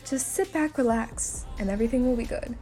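A woman in a role-play skit, a girlfriend driving her partner home, talking to the listener and swearing while insisting she is calm. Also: a little high, brisk, over music. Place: in a car.

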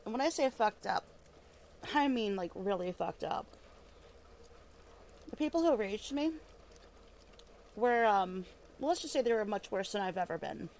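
A woman's voice: medium pitch, lively intonation, measured pace, long pauses, darkish tone, a little hiss or hum. A woman acting as a weary, foul-mouthed female ex-killer trying to live in peace, talking casually with lots of fillers and restarts, sometimes with her mouth full, in an audio role-play drama. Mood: bitter. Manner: chewing food while talking.

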